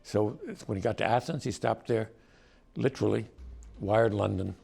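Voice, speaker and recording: Gravelly older man telling wry stories. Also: fairly low pitch, steady tone, moderate pace, dark tone. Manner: wry, amused storytelling. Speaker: screenwriter interviewee. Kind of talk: anecdotal documentary interview.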